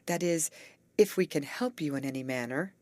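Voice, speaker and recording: A woman voicing a brisk, bossy teenage girl who leads her friends and coaxes them along. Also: low voice, darkish tone, no echo, close to an everyday voice. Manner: brisk and coaxing.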